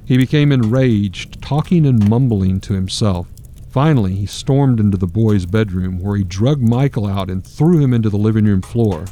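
Grave male storyteller, low mellow voice. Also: normal speed, a little hiss or hum. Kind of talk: dramatic storytelling narration.

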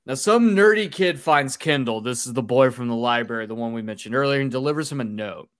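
A man co-hosting a podcast, crudely joking and briskly recapping a movie plot. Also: medium pitch, a bit bright, no room sound. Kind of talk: casual chat and plot recap.

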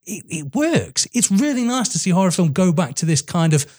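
Male podcast co-host, casual film chat, animated and emphatic. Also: fairly quick, husky. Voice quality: animated, emphatic, rising pitch when excited.

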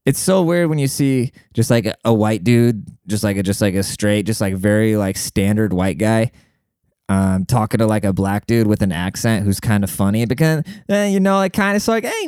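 A man hosting a solo podcast in a brash, rambling, profane way, full of fillers, jumping up in pitch when he quotes people. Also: darkish tone, clear, resonant tone, no echo, clean studio sound. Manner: jumps high in pitch when acting out quotes. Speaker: podcast host. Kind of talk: casual solo podcast monologue.

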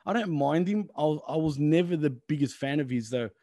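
A man trading jokes in a casual wrestling chat, his voice sitting a bit high for a man. He swears freely and jokes around with a laugh. The sound is dry and close, with no room around it. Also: expressive, moderate pace, warm tone, no room sound. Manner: profane, laughing, joking banter. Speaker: podcast co-host.

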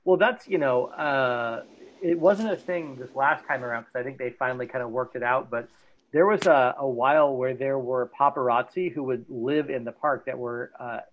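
A man hosting a casual podcast interview, asking questions in a halting way with many fillers. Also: mid-range voice. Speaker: podcast host. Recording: dull lo-fi recording.

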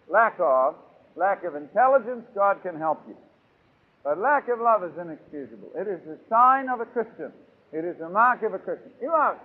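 A man preaching a sermon, emphatic and swinging between loud and soft. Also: sits high, husky. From New Zealand. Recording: tinny lo-fi phone-like recording.

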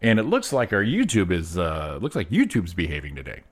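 Male morning show co-host, low voice that swings widely, casual and upbeat. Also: brisk, slightly rough. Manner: upbeat, animated, laughs often. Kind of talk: casual chat.

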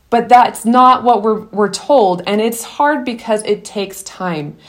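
A woman hosting a podcast, giving earnest, encouraging parenting advice and telling her own story, often restarting sentences. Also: medium pitch. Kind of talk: earnest advice talk mixed with personal story.

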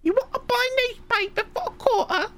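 Woman doing a squeaky little street urchin boy. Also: expressive, a little fast, background noise. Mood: pleading. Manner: high squeaky put-on child voice. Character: chirpy little orphan boy newspaper seller.

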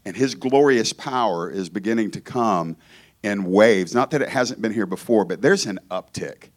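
Man, from Georgia, guest preacher in a church, lowish voice, casual joking sermon. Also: moderate pace. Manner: conversational, joking, self-interrupting. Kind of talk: informal sermon.

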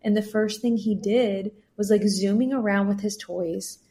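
A woman guest on a podcast, telling personal stories in an earnest, sometimes animated way. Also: mid-range voice, moderate pace. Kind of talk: casual podcast conversation.

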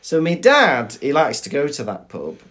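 Co-hosting a podcast, a man with a fairly high voice talks at a moderate pace over a little hiss or hum. He chats casually and tells lively stories, laughing a lot along the way.

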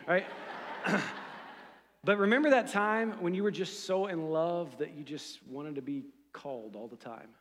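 A man with a high, light voice preaches a sermon in a church, chatty and animated, with plenty of fillers and asides. His voice rings out with a long reverb trailing behind it in the big sanctuary. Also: a little slow. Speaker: pastor.

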